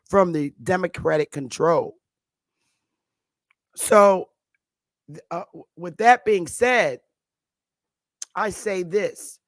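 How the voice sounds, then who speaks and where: A woman's voice: fairly low pitch, no room sound. A woman in her fifties from the northern United States, talking to her YouTube audience in a rambling, unscripted monologue full of restarts and fillers. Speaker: YouTube commentator. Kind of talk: casual monologue.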